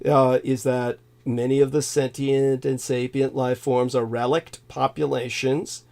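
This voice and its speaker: A California man co-hosts a livestream conversation in a gravelly, dark voice of medium pitch, speaking at a measured pace with little pitch movement. He lectures insistently and keeps talking over interruptions.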